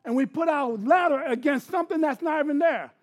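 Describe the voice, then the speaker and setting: A man delivers a sermon from the pulpit in a strikingly high voice. He swings between hushed, intimate asides and loud, emphatic bursts. Faint music plays beneath him. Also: a little fast. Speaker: pastor.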